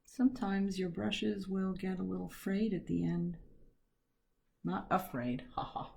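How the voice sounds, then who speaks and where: A woman's voice: mid-range voice, fairly even intonation, moderate pace, gravelly, mellow. A woman teaching a live step-by-step painting lesson from home, chatty and self-deprecating, with corny jokes. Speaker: art teacher.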